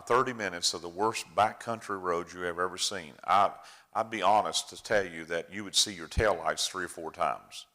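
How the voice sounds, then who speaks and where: A man's voice: deep voice, sharp tone. An older man, a preacher giving a chatty, folksy slideshow talk to his congregation. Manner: folksy, chatty storyteller addressing the room.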